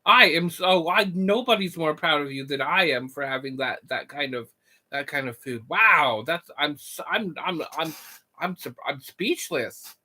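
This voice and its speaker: Goofy, bright-voiced male streamer. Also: on the high side, expressive, a little slow. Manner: goofy, rambling, reads chat and jokes. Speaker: live streamer. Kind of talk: casual live-stream chat.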